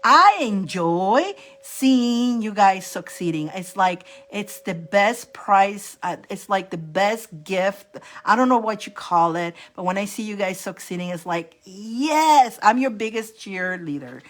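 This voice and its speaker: A woman's voice: medium pitch, unhurried. A woman giving a casual, rambling spiritual pep talk to her viewers, often restarting and repeating phrases. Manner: rambling, animated, laughing at herself. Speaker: spiritual coach and reader.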